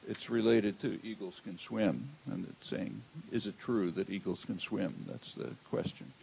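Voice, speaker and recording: Older man lecturing, low gravelly voice. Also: fairly even intonation, a little mellow, slight background noise, low-quality recording. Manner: measured, halting, many "uh" fillers. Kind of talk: academic lecture. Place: lecture hall. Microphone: handheld or lectern mic.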